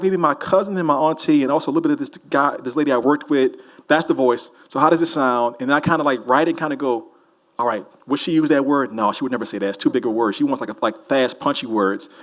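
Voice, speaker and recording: This is a man who speaks in a somewhat high voice. He answers audience questions in a relaxed way, wandering through his thoughts and tossing jokes to the room. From New Orleans. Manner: loose, rambling, joking with the crowd. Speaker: author on a festival panel. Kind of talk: casual audience Q&A. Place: festival hall with a live audience.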